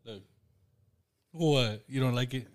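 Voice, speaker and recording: A man's voice: mid-range voice, takes it slowly. A man hosting a podcast, chatting casually, teasing his guest and swearing often. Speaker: podcast host. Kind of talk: casual chat.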